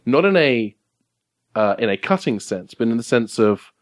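Game master with a mid-range voice, lots of um's. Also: male voice, medium pitch, very animated, moderate pace. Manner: hesitant, many fillers. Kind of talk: narrating a tabletop game. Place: game store in Burbank.

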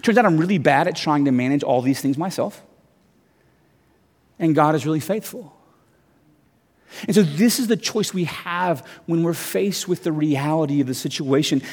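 Animated male preacher in a reverberant hall. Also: fairly high pitch, slightly rough. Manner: animated, self-mocking storyteller with many restarts. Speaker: guest preacher. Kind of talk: storytelling sermon. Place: church hall.

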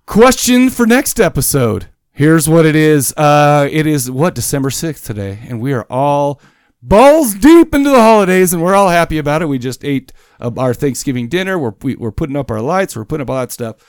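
A man's voice: a little high, big pitch swings, moderate pace, clear, resonant tone, no echo, clean studio sound. A man hosting a podcast in a casual chat, enthusiastic and rambling. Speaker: podcast host.

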